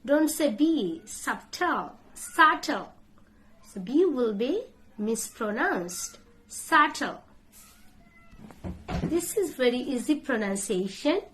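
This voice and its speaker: Very slow, sing-song woman teaching pronunciation. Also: fairly high pitch, expressive, a little hiss or hum. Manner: spells words letter by letter and repeats each word many times; corrects common mispronunciations in short drill phrases. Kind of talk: pronunciation lesson.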